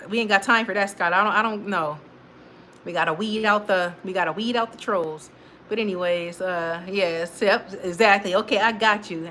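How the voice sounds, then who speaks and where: A woman chatting on her own livestream, her voice rising and falling as she calls out trolls and guides her moderator. She talks informally with plenty of restarts. A faint hiss of background noise sits under her voice. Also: on the high side. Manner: animated, talks to chat moderators by name, scolding trolls. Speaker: livestream host. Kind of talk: casual livestream chat.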